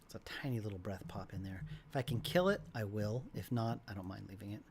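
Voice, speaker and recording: A man's voice: fairly low pitch, fast talker, slight background noise. A man, a game developer, chatting casually on a livestream while he edits audio, self-mocking and laughing often. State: hiccuping. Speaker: game developer streaming his editing.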